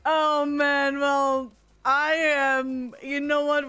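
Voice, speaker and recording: A woman with a high voice streams a roleplay game and keeps laughing hard through tears. She drawls her words slowly between bursts of laughter. Faint music plays behind her. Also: flat delivery, bright, forceful tone.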